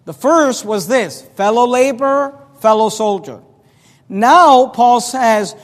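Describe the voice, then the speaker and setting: A man preaching a sermon as pastor of his church, talking emphatically with big swings in loudness and pitch. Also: unhurried. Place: church sanctuary. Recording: long reverb of a church hall.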